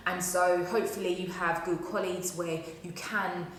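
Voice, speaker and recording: Woman teacher, reassuring, slightly low voice, very echoey room. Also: flat delivery, normal speed. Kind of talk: casual advice talk. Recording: very roomy room, faint noise.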